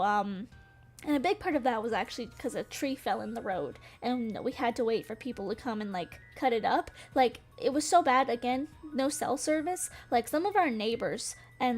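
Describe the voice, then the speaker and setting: High-voiced giggly streamer woman. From Western North Carolina. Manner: rambling, heavy filler words, giggly. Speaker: vtuber streamer. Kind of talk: casual livestream chat. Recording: faint music behind.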